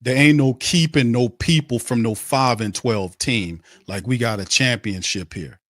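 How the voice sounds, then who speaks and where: A man's voice: mid-range voice, measured pace, a bit bright, no room sound, studio quality. A man hosting a sports podcast, ranting angrily about his team and mocking its players. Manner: angry, mocking, repetitive ranting. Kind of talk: heated sports rant.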